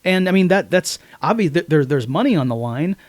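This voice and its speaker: A man with a slightly high voice talks through a movie on a podcast, jumping into the characters' lines as he goes. The sound is dry and close to the mic, with no room around it. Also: fairly quick, no echo. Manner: animated retelling of scenes, quotes characters. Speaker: podcast co-host. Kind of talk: casual movie podcast chat.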